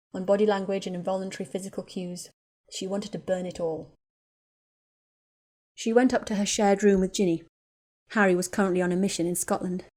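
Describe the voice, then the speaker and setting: A female narrator reading a story aloud in a steady, measured manner at a middling pitch. The delivery is plain audiobook storytelling.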